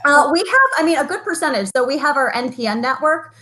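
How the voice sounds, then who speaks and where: A woman's voice: high voice, expressive, sharp tone. A woman chamber of commerce president as a guest, chatting upbeat and talkative over a video call. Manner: upbeat, talkative, quick to laugh. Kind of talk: casual interview chat.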